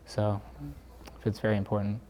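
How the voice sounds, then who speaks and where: Teen guy chatting in a school interview, mellow warm tone, lots of ums and restarts. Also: lowish voice, moderate pace, slight background noise. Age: teens. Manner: relaxed, hesitant, many fillers and restarts. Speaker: student interviewee. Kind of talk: casual interview answers.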